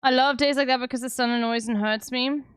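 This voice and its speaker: South African woman, young adult, streamer; high pitch, blunt and sarcastic, dry close sound. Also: steady tone, fast, clean tone, no echo. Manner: blunt, sarcastic, swears often. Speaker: livestreamer. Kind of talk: casual chat with stream viewers.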